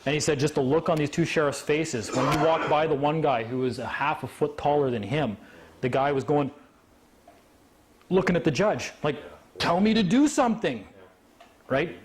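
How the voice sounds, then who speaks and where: Animated man telling a story to an audience. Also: on the high side, normal speed. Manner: animated, acts out quoted voices.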